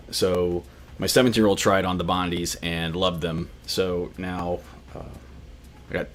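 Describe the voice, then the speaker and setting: Male host in his forties, deep-pitched, loose chatty delivery to a live audience. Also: a little hiss or hum. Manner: rambling, chatty, talks to viewers directly. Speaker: running channel host. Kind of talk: casual livestream chat.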